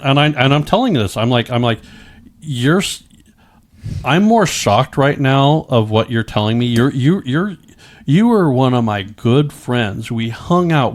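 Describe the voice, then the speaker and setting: A man's voice: mid-range voice, animated, a little slow. A middle-aged man telling his own story in casual chat, rambling with many stammered restarts and frequent swearing.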